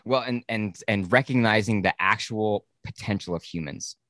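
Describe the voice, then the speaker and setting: A man hosting a podcast, talking in a relaxed, frank way with the odd curse. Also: on the low side, moderate pace, no room sound, clean studio sound. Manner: relaxed, frank, occasional swearing. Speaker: podcast host. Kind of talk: casual podcast conversation.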